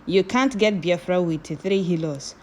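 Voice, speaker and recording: A woman reading viewer comments aloud, moving from calm reading to loud scolding. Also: fairly low pitch, measured pace, a little hiss or hum.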